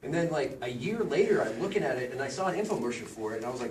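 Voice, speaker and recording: A man's voice: on the high side, expressive, very fast, hardly any pauses, a loud crowd. A man telling fond, chatty stories at a memorial gathering, laughing as he recalls a friend. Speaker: guest sharing memories. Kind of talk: casual anecdotes at a memorial. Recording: echoey room, far from the mic, background noise.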